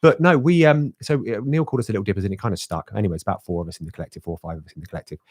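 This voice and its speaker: Middle-aged man, podcast co-host, quick, slightly husky, low voice, dry sound. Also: no room sound. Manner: animated, laughing, swearing. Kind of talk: casual chat, storytelling.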